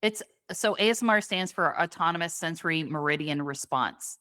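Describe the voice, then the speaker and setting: Chatting casually as a podcast co-host, this young woman uses plenty of fillers and laughs often. She has a deep, clear, resonant voice with a sharp tone and a moderate pace. The recording is dry and studio quality.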